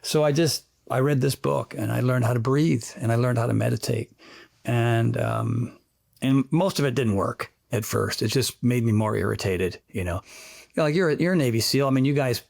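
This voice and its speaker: A man, a fitness trainer, chatting as an interview guest, telling animated, rambling stories peppered with sound effects. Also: mid-range voice, normal speed, gravelly. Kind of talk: casual interview chat.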